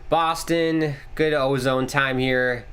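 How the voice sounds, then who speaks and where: A young man hosting a live hockey watchalong stream, mixing casual chat with quick play-by-play calls that rise as the action heats up. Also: medium pitch, steady tone, a bit bright, clear, resonant tone. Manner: rapid, rising calls during plays. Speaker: livestream host.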